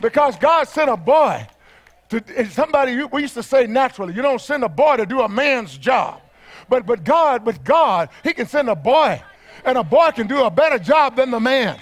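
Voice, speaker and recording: Southern man as pastor, high-pitched, fervent sermon delivery with shouted peaks. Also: sing-song, moderate pace. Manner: fervent, repeating "Hallelujah", building to shouts.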